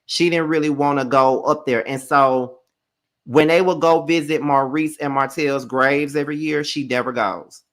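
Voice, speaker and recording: A man's voice: medium pitch, a bit bright. A man hosting a live review of a reality TV episode, ranting heatedly and swearing freely. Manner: profane, heated ranting commentary. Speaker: reality TV recap host.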